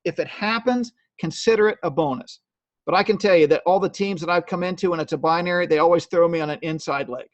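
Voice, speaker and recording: A man's voice: on the high side, fast talker, no echo. A man giving a live sales training talk, emphatic and repetitive, often checking in with "okay?". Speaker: network marketing trainer. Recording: dull lo-fi dry sound.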